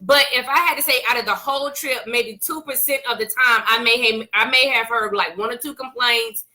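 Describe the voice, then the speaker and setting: A woman co-hosting a couples talk show, chatting casually in a lively storytelling way, repeating words as she goes. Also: on the high side, fairly quick. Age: adult parent. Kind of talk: casual chat.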